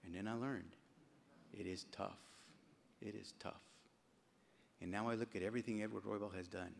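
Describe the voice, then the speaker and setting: Middle-aged guy telling a story at a gala podium, low gravelly voice, big hall echo. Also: normal speed, a little hiss or hum. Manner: animated storyteller, voice jumping up and down when quoting others. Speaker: congressman giving an award speech. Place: large banquet hall. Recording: long hall reverb.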